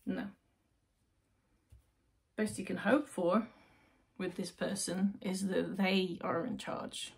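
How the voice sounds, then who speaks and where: Gravelly, husky woman reading tarot. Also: fairly low pitch, fairly even intonation. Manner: coaxing, talks straight to the viewer with rhetorical questions; soothing, slows into guided breathing. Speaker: tarot reader. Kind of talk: direct-to-camera tarot reading.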